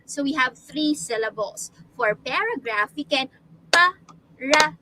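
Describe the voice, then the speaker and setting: A woman with a Filipino accent teaching an online lesson, speaking slowly and patiently with drawn-out vowels. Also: sits high, animated, very noisy. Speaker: online tutor. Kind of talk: classroom teaching.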